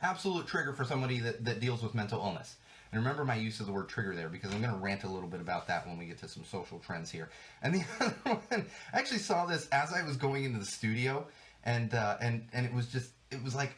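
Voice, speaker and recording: A man's voice: medium pitch, animated, fast talker, a bit bright. A man hosting a podcast, ranting in an exasperated, emphatic way and swearing often. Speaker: podcast host. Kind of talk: solo podcast rant. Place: studio.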